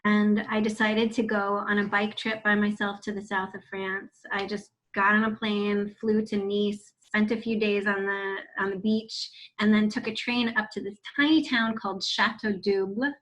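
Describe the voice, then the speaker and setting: A woman's voice: mid-range voice, little pitch movement, moderate pace, few pauses, a bit bright, a little hiss or hum, rough recording. A woman in her forties, a guest on a video-call interview, telling her story candidly with casual swearing and laughter. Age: 40s. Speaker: guest, founder of a wellness center.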